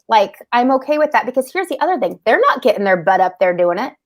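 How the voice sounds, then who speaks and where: A middle-aged woman who co-hosts a podcast tells a story about public speaking in a casual, animated way, often adding "like" and "right?". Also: fairly high pitch, fast talker, few pauses. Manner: animated, frequent "like" and "right?" asides.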